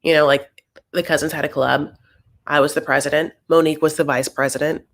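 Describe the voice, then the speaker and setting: Chatty, sassy woman with a low voice. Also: fairly even intonation, a little fast. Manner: chatty, sassy, rambling asides. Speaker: host. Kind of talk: casual TV recap commentary.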